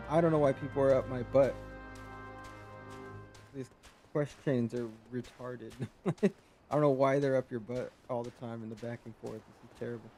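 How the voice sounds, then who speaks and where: A man's voice: medium pitch, fairly even intonation, moderate pace, long pauses, darkish tone, soft background music. A man playing a video game and reading its quest text, breaking off with blunt, exasperated casual asides. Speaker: gamer reading quest dialogue. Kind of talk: casual gameplay commentary.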